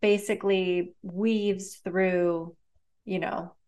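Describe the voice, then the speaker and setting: A woman speaking as a guest, telling personal stories in a relaxed, chatty way with many fillers and frequent laughs. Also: on the low side, drawn-out words. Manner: chatty, lots of "like" and "um", laughs often. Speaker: guest, neuroscientist and author. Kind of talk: casual storytelling in a conversation.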